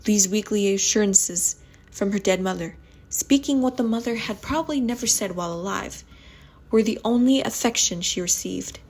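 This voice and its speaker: A woman on an ASMR channel reading a spooky story aloud at home, softly, often stumbling over words and restarting them. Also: mid-range voice, normal speed.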